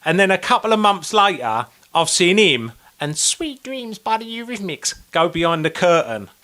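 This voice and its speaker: A man's voice: high-pitched, normal speed. A man co-hosting a podcast, telling swear-laden anecdotes in casual chat and acting out the people in them. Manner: swearing, animated anecdotes with acted-out quotes. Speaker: podcast co-host.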